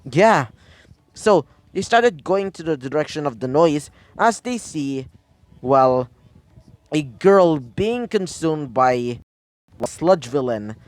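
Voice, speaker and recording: A man's voice: on the high side, animated, slow pace, darkish tone, dry recording. A man improvising a fan story, rambling with many fillers and restarts.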